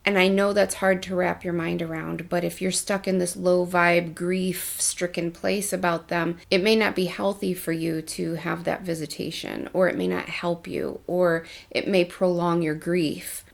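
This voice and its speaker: A woman's voice: lowish voice, steady tone, unhurried, vocal fry, few pauses. A woman coach telling personal stories in a casual vlog, candid and chatty with casual slang. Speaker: life coach.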